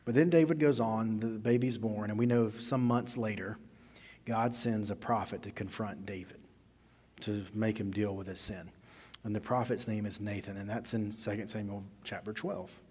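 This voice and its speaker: Man, pastor, conversational sermon, low voice, long hall reverb. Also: steady tone, moderate pace, slightly rough. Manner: conversational storytelling preaching, varies loudness for emphasis. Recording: echoey hall.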